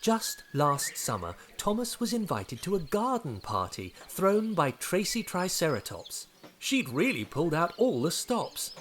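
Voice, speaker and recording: An Australian man from Tasmania narrating his own children's story in a gently expressive, playful way. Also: fairly high pitch, unhurried, a little hiss or hum. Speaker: narrator and author.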